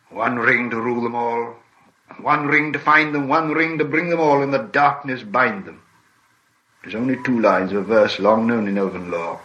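A man's voice: medium pitch, bright, forceful tone, lightly acted. A man reading aloud and voicing an ancient, solemn male wizard who recites a verse in a grave, chanting way, heard from a dull lo-fi audiobook recording.

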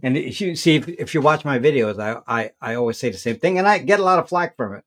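A man speaking as a guest in an interview, talking casually about technology. His voice sits in a middle pitch, and he stumbles through restarts and repeated words while he works his way to a point. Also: lively intonation, fairly bright tone. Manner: halting, many repeats and restarts. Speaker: tech video creator as guest. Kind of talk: casual explanatory interview talk.

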